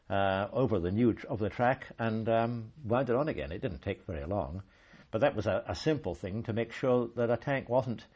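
An older man, a former army officer, recalling his service in a measured, halting way with frequent hesitations. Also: fairly low pitch, darkish tone, highs cut off. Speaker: army veteran interviewee. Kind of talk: oral history recollection.

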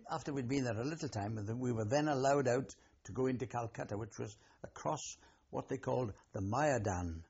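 An older Welsh-accented war veteran recalls his past in an oral history interview, rambling and halting with many restarts. His mid-range voice is gravelly, husky, and darkish in tone, and the highs are cut off.

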